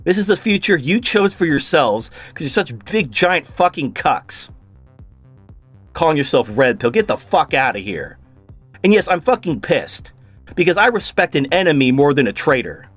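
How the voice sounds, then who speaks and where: A man's voice: on the high side, big pitch swings, moderate pace, a bit bright, breathy edge, dry recording, soft background music. A man hosting a video, delivering an angry, profane rant of commentary in furious bursts. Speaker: video host reacting to a clip.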